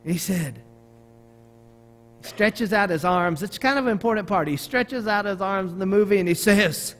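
Southern American pastor telling a story. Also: male voice, high voice, moderate pace. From Arkansas. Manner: animated storytelling with frequent restarts. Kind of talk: sermon.

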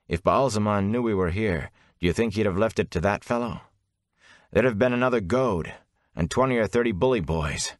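A man's voice: fairly low pitch, normal speed, no echo, studio quality, lightly acted. A man voicing a firm young hero. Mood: steady. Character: young male farm lad hero, tense but steady.

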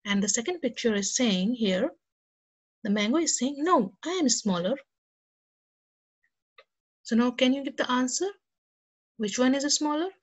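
A woman's voice: a little high, normal speed. A woman teaching a lesson to young children and reading them a story, talking to them cheerfully and directly. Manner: cheerful, speaks directly to kids.

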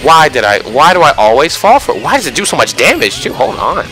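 A young man giving excited, self-mocking commentary over his own online fighting game matches, often yelling at big moments. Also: on the high side, a little fast. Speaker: gaming YouTuber. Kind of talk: live gameplay commentary. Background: background music.

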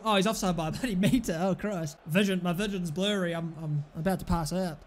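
A young man commentating his own football video game play, excitable, shouting at big moments and muttering in between. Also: sits high, quick pace, few pauses. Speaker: gaming commentator. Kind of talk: live let's-play commentary.

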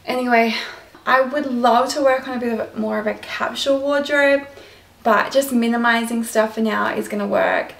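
A woman's voice: fairly high pitch, steady tone, normal speed, gravelly, fairly bright tone. A young Australian woman vlogging casually at home, chatty and rambling as she thinks aloud. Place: bedroom at home. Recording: echoey room, faint hiss.

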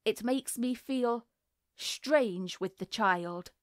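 A woman reading the lines of an anxious, earnest mother who speaks gravely with a slight tremble. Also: on the high side, drawn-out words, dry recording, clean studio sound. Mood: worried.

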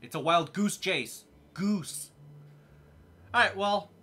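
A man hosting a let's-play, giving casual commentary in a quick, sarcastic, reactive way. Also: sits high, pushed and bright. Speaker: gameplay host.

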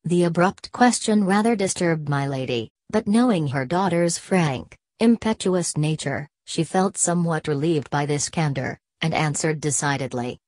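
A woman narrating a classic ghost story in a steady, even reading. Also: low-pitched, normal speed, few pauses, no room sound.

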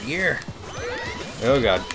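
A man playing a video game and talking to himself, with excited outbursts and swearing. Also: mid-range voice, extremely slow, over music. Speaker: let's play host. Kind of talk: gameplay commentary. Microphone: desktop USB mic.

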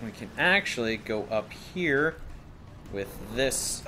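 A man talks his way through a video game at a middling pitch, rambling and playful and quick to laugh at himself. Game sound effects stay clearly audible under his voice the whole way through. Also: animated, pushed and bright, a little hiss or hum. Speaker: let's play host. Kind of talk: gameplay commentary.

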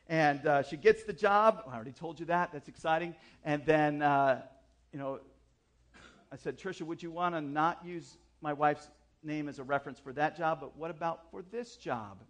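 A man preaching a sermon as the church's pastor, telling a personal story in a chatty, animated way with asides and self-deprecating jokes. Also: on the high side. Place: church service.

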